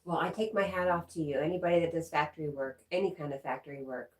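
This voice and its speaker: A woman's voice: sits low, fairly even intonation, quick pace, a little mellow. A middle-aged woman hosting a casual livestream, chatting and answering viewer comments with giggly asides. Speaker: livestream host.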